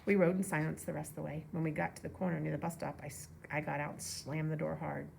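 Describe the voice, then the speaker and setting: Woman reader, low gravelly voice, relaxed storybook reading with asides. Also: fast, a little hiss or hum. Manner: relaxed, with casual asides to listeners. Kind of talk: reading a children's novel aloud.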